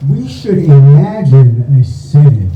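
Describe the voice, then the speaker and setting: Lively man rallying a crowd. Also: a little high, takes it slowly, dull audio. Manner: rallying, animated, joking. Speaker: event host. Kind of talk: speech to a crowd. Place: reception room, indoors. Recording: echoey room, distant mic, crowd noise.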